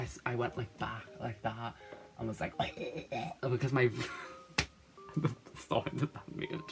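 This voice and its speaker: Giggly rambling teen guy. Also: medium pitch. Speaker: vlogger. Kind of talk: casual storytime chat.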